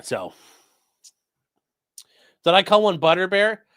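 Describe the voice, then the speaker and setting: A man's voice: high voice, big pitch swings, slow pace, a bit bright, clean tone, dry recording, clean studio sound. A man giving casual live-stream legal commentary, reading chat messages aloud and swearing bluntly. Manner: profane and blunt, swearing freely; breaks off to coax his dogs in a sing-song voice.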